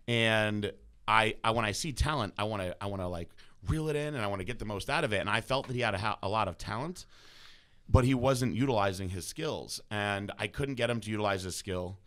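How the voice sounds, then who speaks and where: A podcast host with a fairly low, resonant, clear voice talks fairly quickly through long stories in a casual interview. He is animated, swears often, and stumbles into frequent restarts.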